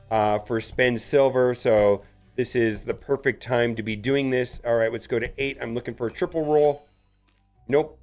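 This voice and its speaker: A man talks through his gameplay in a loose, casual commentary voice at a middle pitch. He chats along steadily and breaks into loud, excited whoops when something good turns up. Faint background music plays under him. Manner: chatty, gets loudly excited over good rolls. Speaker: gaming channel host.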